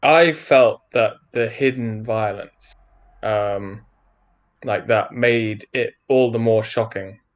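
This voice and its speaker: A man's voice: on the low side, takes it slowly, muffled recording. A man casually chatting as a podcast co-host, loose and chatty with plenty of filler words. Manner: chatty, lots of likes and fillers. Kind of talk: casual chat.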